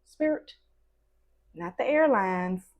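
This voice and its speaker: A woman's voice: medium pitch, animated, takes it slowly, highs cut off, slight background noise. Woman tarot reader, casual and playful, chatty with slang and asides to spirit. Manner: acts out little quoted voices in between.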